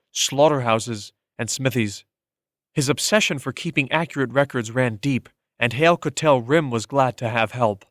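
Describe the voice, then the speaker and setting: Man reading an audiobook, mid-pitched voice, measured pace, dry close sound. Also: a bit bright, no echo. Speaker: audiobook narrator. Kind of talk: scripted narration.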